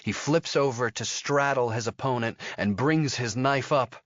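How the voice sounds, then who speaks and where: A man narrating a thriller audiobook in a steady, measured storytelling manner. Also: medium pitch, dry recording, muffled recording. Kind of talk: scripted narration.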